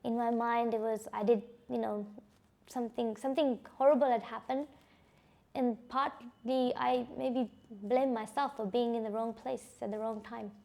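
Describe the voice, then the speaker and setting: Woman, personal testimony, slightly high voice, gravelly fry, hesitant, reflective. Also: steady tone, normal speed, darkish tone. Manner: reflective and hesitant, full of "you know" and restarts. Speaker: survivor sharing her personal story.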